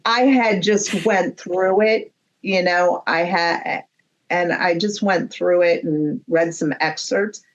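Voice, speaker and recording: A woman medium, a guest on a podcast, telling a story in an animated way and acting out the dialogue. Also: fairly low pitch, slow pace, lo-fi sound. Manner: animated storyteller who acts out quoted dialogue.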